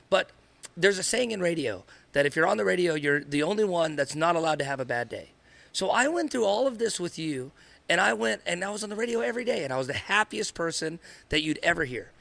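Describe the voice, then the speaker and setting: A man's voice: high-pitched, vocal fry, a bit bright, dry recording. A man co-hosting a podcast, speaking earnestly and in a rambling way, often repeating himself. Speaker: podcast co-host, father. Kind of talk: candid podcast conversation.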